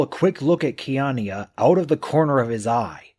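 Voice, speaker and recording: A man reading a mystery novel aloud as an audiobook narrator, with an expressive reading that acts out the characters' thoughts. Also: medium pitch, moderate pace.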